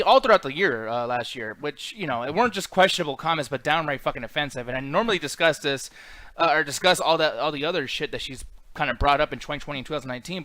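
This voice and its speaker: A male podcast host in casual chat, ranting and rambling with constant swearing. His voice sits a bit high, and he talks very fast. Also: no room sound. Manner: rambling, swears a lot, animated rants.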